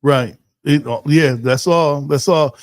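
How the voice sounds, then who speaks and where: A man from Ohio with a somewhat high voice hosts a community livestream at a slow pace, recorded cleanly in a studio with no echo. He jokes around casually while reading viewer comments aloud, filling his speech with fillers and restarts.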